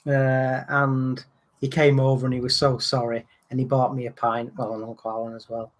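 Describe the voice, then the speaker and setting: A man, co-hosting a relaxed livestream chat and telling anecdotes, acting out other people's lines. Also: mid-range voice, normal speed. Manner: chatty storyteller, acts out other people's lines. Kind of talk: casual chat.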